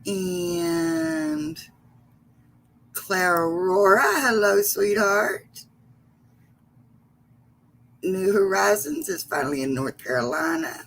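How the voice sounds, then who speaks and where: A woman's voice: mid-range voice, lively intonation, slow, creaky, a bit bright, slightly rough. A middle-aged woman hosting a casual livestream chat, chatty and greeting viewers by name with endearments like sweetheart and honey. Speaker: livestream host.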